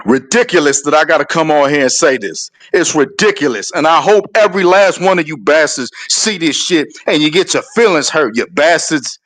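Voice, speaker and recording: A man's voice: on the high side, normal speed, hardly any pauses, fairly bright tone. A man hosting a live stream, ranting heatedly and cursing in a drawling voice. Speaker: show host.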